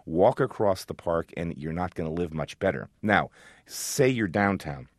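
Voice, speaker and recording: A man's voice: low voice, expressive, moderate pace, no room sound. A man who hosts a food radio show, chatting casually and enthusiastically as a guest, with frequent restarts.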